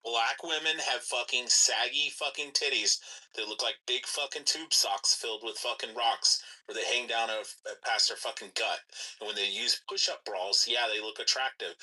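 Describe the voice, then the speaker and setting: A man's voice: medium pitch, moderate pace, sharp tone, recorded from a distance, poor audio. A man hosting a podcast, ranting heatedly and swearing nonstop in rambling casual chat. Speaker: podcast host.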